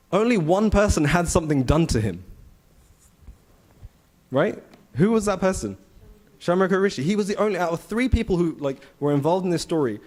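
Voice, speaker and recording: A man giving a conversational scripture class at a temple, telling the story with rhetorical questions and animated asides. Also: a little high. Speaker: temple speaker. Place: temple hall.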